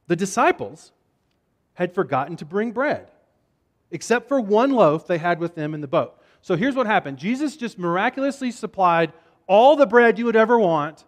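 A man's voice: sits high, animated, moderate pace. A man preaching a conversational sermon, casual in tone, often repeating words as he explains. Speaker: pastor.

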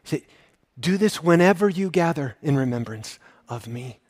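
High-voiced earnest man preaching. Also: lively intonation, normal speed, dry recording. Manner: earnest, swinging from hushed to exclaiming; emotional, repeats words when moved. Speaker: pastor. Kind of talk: sermon.

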